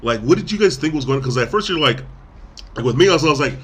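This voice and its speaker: A man's voice: mid-range voice, animated, racing, a bit bright, husky. A man hosting a podcast, rambling through a casual movie recap and acting out quotes in between. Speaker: podcast host. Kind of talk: casual movie review chat.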